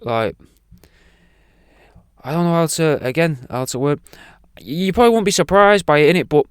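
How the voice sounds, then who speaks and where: A man hosts a radio show in a rambling, irreverent monologue full of swearing. His voice is smooth and resonant. It sits close and dry, with no room sound around it. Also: on the high side, normal speed, no room sound.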